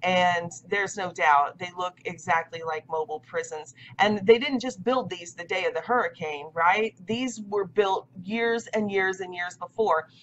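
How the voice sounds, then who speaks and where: A woman's voice: fairly low pitch, measured pace, few pauses, fairly bright tone, a little hiss or hum. A woman in her thirties talking to camera in a casual vlog monologue, emphatic and insistent, often repeating her points. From United States. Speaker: vlogger. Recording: dull lo-fi audio.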